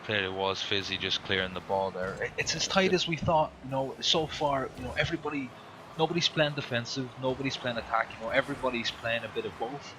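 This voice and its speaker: A man's voice: mid-range voice, fast talker, noisy background. A man with an Irish accent co-commentating a video game match in a chatty, informal way. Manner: chatty, says "you know" and "mate". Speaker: esports commentator.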